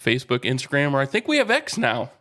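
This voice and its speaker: A man's voice: medium pitch, wildly swooping pitch, fast talker, fairly bright tone. A man hosting a casual sports podcast, easygoing and teasing, laughing often. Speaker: podcast co-host.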